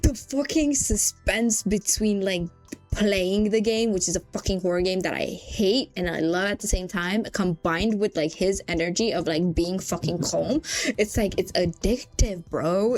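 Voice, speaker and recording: Young woman rambling about a game, animated, curses a lot, says like constantly, some quiet music in the back. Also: mid-range voice. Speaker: gaming vlogger. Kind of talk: casual chat.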